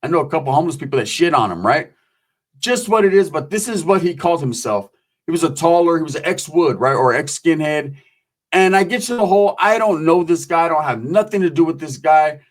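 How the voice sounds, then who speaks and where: Guy telling jail stories, cussing a lot, kinda high voice, loose and streetwise. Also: expressive, fairly quick. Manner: profane, streetwise, acts out voices in quotes. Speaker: podcast host telling prison stories. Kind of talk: casual storytelling.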